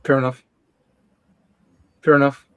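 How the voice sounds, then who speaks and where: A man's voice: mid-range voice, little pitch movement, unhurried, smooth, no echo, phone-quality sound. A man who is a fellow artist, teasing his friend with dry humor in casual chat on a stream.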